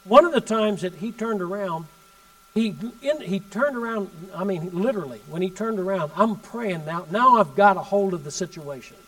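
A man preaching a sermon and telling a story, emphatic, swinging from loud bursts to hushed asides. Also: high voice, animated, moderate pace, recorded from a distance, rough recording.

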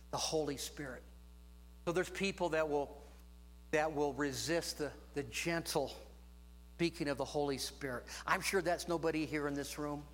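A man's voice: on the high side, fairly bright tone. Preaching man with emphatic amens. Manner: preaching with stretched, emphatic phrases and call-and-response amens. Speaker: pastor. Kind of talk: sermon. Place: church room with congregation.

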